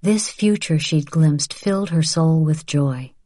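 Low, dark-voiced woman narrating an audiobook. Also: measured pace, no room sound, studio quality.

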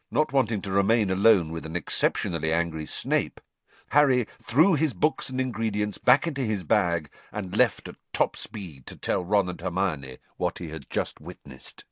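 A man narrating an audiobook in a measured, expressive storytelling manner. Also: fairly low pitch, dry recording. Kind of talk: scripted narration.

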